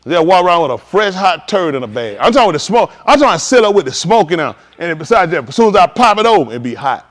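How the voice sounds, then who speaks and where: A man preaching a live-streamed sermon in loose, slangy street talk, animated and emphatic. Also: high-pitched, fast, hardly any pauses.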